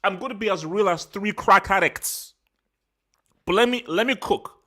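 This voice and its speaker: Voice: mid-range voice, moderate pace, pushed and bright. A football channel host giving a heated solo post-match reaction, slangy, self-assured and repeating phrases for emphasis. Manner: worked up and angry.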